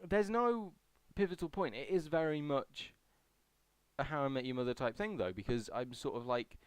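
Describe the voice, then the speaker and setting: A man's voice: medium pitch, animated, moderate pace, smooth, dry recording. A young man vlogging casually as he answers a survey, chatty and rambling with self-deprecating asides. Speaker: YouTuber.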